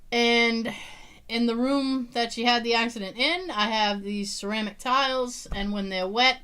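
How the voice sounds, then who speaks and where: A woman's voice: fairly high pitch, clean tone. A woman co-hosting a podcast, telling stories in casual chat, laughing often and swearing freely. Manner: laughing, animated storyteller who swears freely. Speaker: podcast co-host.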